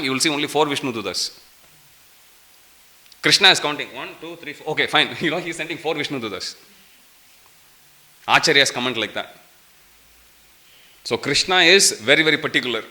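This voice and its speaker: Preacher, male, bright tone, lively storyteller quizzing the congregation. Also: mid-range voice. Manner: lively storytelling with laughs and questions to the audience. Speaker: preacher giving a scripture class. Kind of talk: sermon. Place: temple hall.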